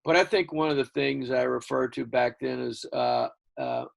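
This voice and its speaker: Older man from Houston, gravelly voice, rambling animated storyteller, interview guest. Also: medium pitch, normal speed. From Houston, Texas. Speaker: guest musician.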